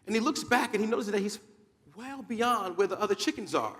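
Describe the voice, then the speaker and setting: A man's voice: high voice, animated, a little fast, a bit bright. A man from New Jersey giving a motivational speech, telling stories dramatically with emphatic repetition. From Newark, New Jersey, USA. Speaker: motivational speaker. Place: large conference hall. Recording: long hall reverb.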